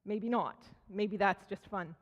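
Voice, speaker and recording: A woman's voice: mid-range voice, takes it slowly, highs cut off. A woman giving a conversational sermon at a church, telling stories and acting out quoted voices. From Canada. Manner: storytelling, acts out quoted voices, frequent restarts. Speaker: speaker at church. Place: church sanctuary. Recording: church hall with long reverb.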